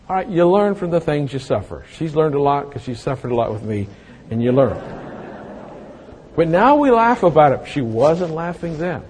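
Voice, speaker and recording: Mężczyzna po pięćdziesiątce, kazanie w pogłosie hali. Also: male voice, on the high side, very animated, moderate pace, darkish tone, a little hiss or hum. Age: 50s. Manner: folksy, self-mocking storytelling with scripture reading. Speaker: pastor. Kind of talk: sermon. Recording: long hall reverb.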